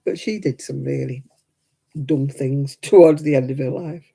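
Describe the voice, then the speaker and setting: In a warm, husky bass voice with vocal fry, a middle-aged woman crochets at home and chats at a normal speed. She laughs frequently and pokes fun at herself, in the manner of a casual crafting vlog.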